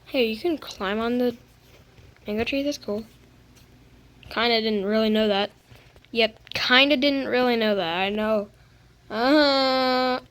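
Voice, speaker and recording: A woman's voice: fairly high pitch, a little slow, long pauses, a bit bright, poor audio. A woman giving casual gameplay commentary, playfully whiny and fake crying over bad loot. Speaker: gaming video creator.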